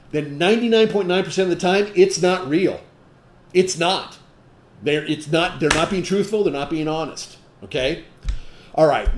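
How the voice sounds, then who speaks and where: A man running a training session for distributors, his voice a bit higher than most men's. He talks emphatically, fires rhetorical questions at the room and keeps checking in with "okay?". The sound is echoey, as in a roomy space. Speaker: sales trainer.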